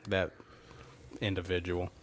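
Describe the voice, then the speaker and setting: A man's voice: sits low, monotone, measured pace, a little hiss or hum. Profane man telling a story. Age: 30s. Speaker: comedy podcast host. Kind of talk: casual storytelling.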